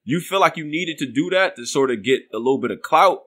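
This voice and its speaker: Brief: New York host, casual, loose questions with lots of restarts and fillers. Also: male voice, on the high side, animated, quick pace, sharp tone. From West New York. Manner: rambling, restarts often, "you know what I'm saying". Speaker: interview host.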